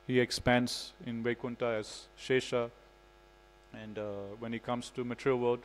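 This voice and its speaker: A man's voice: mid-range voice, little pitch movement, a little slow, a little hiss or hum, rough recording. A man giving a devotional scripture class in a temple, telling stories in a casual way with frequent "you know". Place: temple hall.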